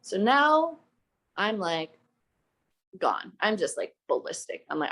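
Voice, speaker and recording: A woman's voice: mid-range voice, sing-song, slow, pauses often, fairly bright tone. Heated woman telling a story on a podcast. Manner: heated, emphatic, swears freely. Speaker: podcast host.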